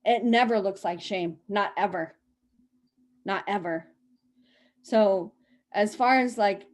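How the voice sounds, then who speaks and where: A woman's voice: mid-range voice, darkish tone. A woman life coach on a group video coaching call, bubbly and playful, laughing often.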